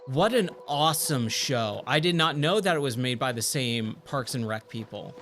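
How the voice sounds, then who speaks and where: A man's voice: medium pitch, expressive, normal speed, a bit bright. A man chatting casually on a gaming livestream, easily amazed and thanking viewers, with faint game music behind.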